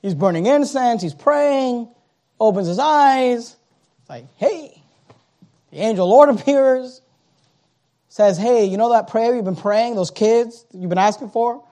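High-voiced dramatic preacher, a man. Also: measured pace. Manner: dramatic, acts out the scripture characters; swings from hushed to shouting. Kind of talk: sermon.

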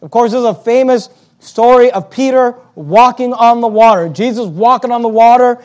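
A man with a very high-pitched voice preaches a sermon. He reads scripture aloud in old-fashioned wording, then explains it plainly and argues his point with emphasis. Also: normal speed, a little mellow.

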